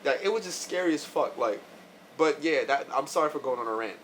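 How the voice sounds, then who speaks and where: A man's voice: a little high, lively intonation, a little fast, fairly bright tone, slight background noise, poor audio. A man hosting a reaction video, telling a story casually with many fillers and asides. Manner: rambling, lots of "right?" and "like".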